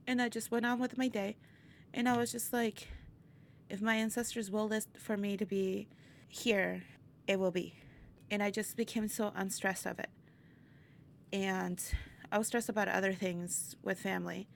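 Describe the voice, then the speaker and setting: A woman guest in a casual interview, telling a story in an animated way, laughing often and acting out what people said. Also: medium pitch, normal speed, gravelly, pauses often, a little hiss or hum. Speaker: interview guest, burlesque performer.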